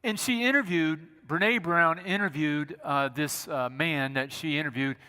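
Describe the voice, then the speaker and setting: A man's voice: a little high, normal speed, pushed and bright, clear, resonant tone, big-room sound. A male pastor preaching a sermon in a conversational, humorous storytelling manner in a church sanctuary.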